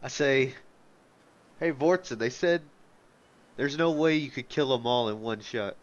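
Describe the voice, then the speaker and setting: A man's voice: mid-range voice, unhurried, highs cut off. A man playing a tabletop game, cracking jokes in character. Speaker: player.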